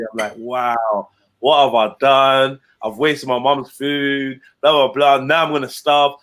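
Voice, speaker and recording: A middle-aged man, telling a casual story in a group chat and acting out the quoted voices. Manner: animated storyteller, acts out quotes with big pitch jumps. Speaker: host.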